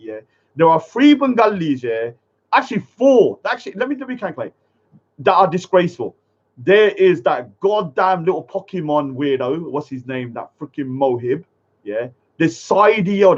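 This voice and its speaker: A man, ranting heatedly as an online commentator, tagging his lines with "yeah". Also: sits high. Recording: muffled lo-fi audio.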